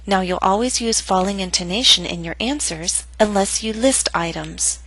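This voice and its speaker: A woman teaching English pronunciation, reading lesson steps slowly and carefully and modeling each phrase. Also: medium pitch, a bit bright, no echo, poor audio. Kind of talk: slow, careful lesson narration.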